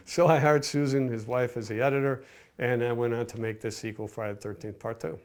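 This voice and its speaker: A man's voice: mid-range voice, moderate pace, a little mellow. An older man, a film director, recalling his career in a rambling interview with many restarts. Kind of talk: casual interview recollection.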